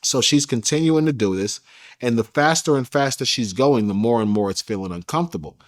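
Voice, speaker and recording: Male interview guest, mid-pitched voice, candid storyteller, casual, slangy, blunt. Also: a little fast. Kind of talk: candid first-person storytelling.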